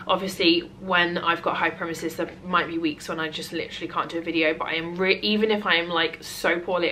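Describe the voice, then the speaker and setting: A woman's voice: fairly low pitch, sharp tone, slight background noise. A British woman vlogging at home in casual chat to camera, chatty and rambling, often out of breath. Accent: British English. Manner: chatty and rambling, with many fillers.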